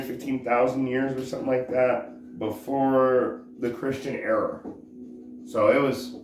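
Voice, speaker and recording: Slow, halting man in an echoey room. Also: mid-range voice. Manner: halting, searches for words, restarts often. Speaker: religious teacher. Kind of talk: informal scripture teaching. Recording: roomy echo, faint background noise.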